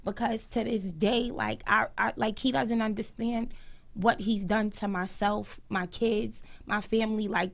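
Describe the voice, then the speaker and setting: A woman's voice: mid-range voice, steady tone, measured pace, gravelly. A woman, a guest earnestly telling a personal story on a live talk stream and acting out what others said. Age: 30s.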